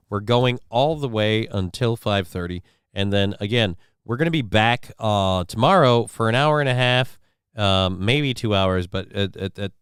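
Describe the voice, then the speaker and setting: A man's voice: medium pitch, fairly bright tone, clear, resonant tone, dry recording, clean studio sound. Sarcastic rambling male stream host. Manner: sarcastic, rambling asides, mock-indignant questions. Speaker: live-stream show host. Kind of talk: casual live-stream commentary.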